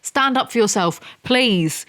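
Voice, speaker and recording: A woman's voice: on the high side, lively intonation, takes it slowly, fairly bright tone. A woman reviewing a romance novel in a comedic rant, reading passages aloud and mocking them with sarcastic asides. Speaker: book reviewer.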